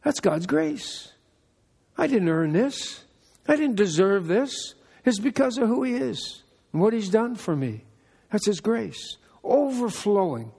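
A man's voice: high voice, big pitch swings, slow, creaky, darkish tone, slightly rough. An older man, a pastor giving a conversational sermon with folksy, joking asides. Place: church hall. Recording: echoey hall reverb.

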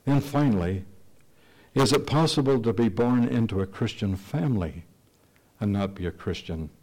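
A man preaching a sermon, telling stories in an earnest, slow and emphatic way. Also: lowish voice, a little mellow.

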